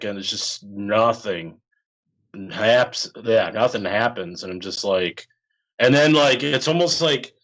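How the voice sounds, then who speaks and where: A man co-hosting a podcast, chatting casually about a film with halting restarts. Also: mid-range voice, a bit bright, poor audio. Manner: loose, halting chat with restarts. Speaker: podcast co-host. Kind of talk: casual film review chat.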